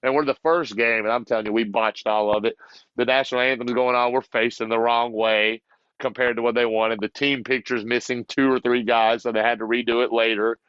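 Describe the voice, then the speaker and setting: A man who is a basketball coach, telling a lively story as a podcast guest, acting out other people's lines and laughing often. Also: medium pitch, brisk, clean tone, no room sound, muffled recording. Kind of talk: casual storytelling.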